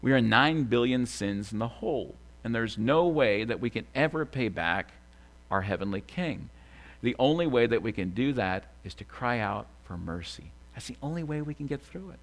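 Animated man preaching a sermon. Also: medium pitch, moderate pace. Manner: animated, swings from loud excitement to quiet asides. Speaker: pastor.

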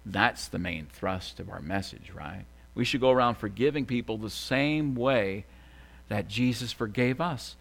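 Animated man preaching a sermon. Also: on the low side, measured pace, vocal fry. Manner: animated, swings from loud excitement to quiet asides. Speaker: pastor.

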